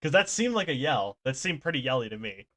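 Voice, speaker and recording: A man's voice: medium pitch, very animated, a little fast, fairly bright tone. A man running a tabletop game as dungeon master, talking casually, laughing and swearing a little.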